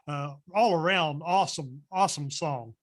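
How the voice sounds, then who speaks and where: A man's voice: on the high side, normal speed. A man enthusiastically praising a song in casual chat. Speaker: guest.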